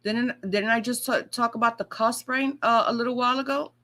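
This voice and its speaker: A woman's voice: fairly high pitch, fairly even intonation, a little fast, a bit bright. A woman talking to her viewers as a tarot and astrology vlogger, in a chatty rambling monologue where she swears freely and acts out her own past remarks.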